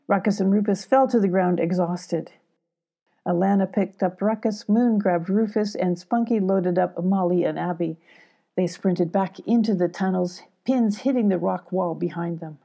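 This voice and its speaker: An older woman reading a children's storybook aloud in a gentle, unhurried way. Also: fairly low pitch, creaky. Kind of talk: audiobook narration for children.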